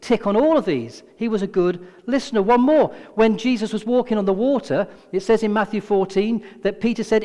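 High-voiced preacher in an echoing hall. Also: male voice, a little fast, hardly any pauses, mellow. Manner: storytelling, acts out quoted lines, repeats phrases for emphasis. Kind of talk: sermon. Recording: reverberant hall.

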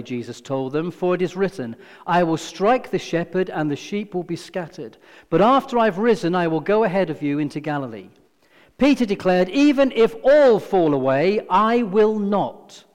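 A man's voice: high-pitched, a little mellow. A man preaching a sermon, telling a scripture story and acting out the quoted lines, with repeated phrases for emphasis. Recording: reverberant hall.

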